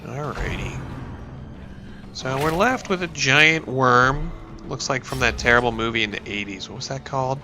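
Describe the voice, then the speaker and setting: A man's voice: mid-range voice, moderate pace, music in the background. A man in his thirties with a sniffly cold, chatting casually and rambling as he plays a video game and talks to his characters. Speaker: gaming YouTuber and teacher. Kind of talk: let's play commentary.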